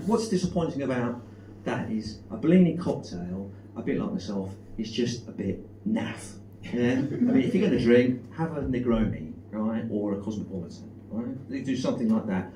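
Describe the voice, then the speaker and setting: A middle-aged man with a South London accent, doing a stand-up comedy set. He is deadpan and self-deprecating, with lots of ums and uhs. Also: medium pitch, moderate pace, few pauses. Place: comedy club stage with live audience. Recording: echoey room, mic far off, noisy.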